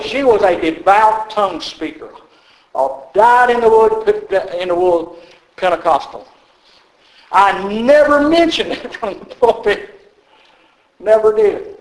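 A man's voice: high-pitched, roomy sound, poor audio. An older man preaching a sermon as pastor, telling stories in a folksy way with frequent chuckles. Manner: storytelling, folksy, chuckles often. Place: church sanctuary.

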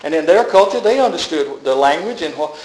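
High-voiced man preaching in an echoey room. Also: lively intonation, fairly quick, slight background noise. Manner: emphatic preaching with repeated words and restarts. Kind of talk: sermon.

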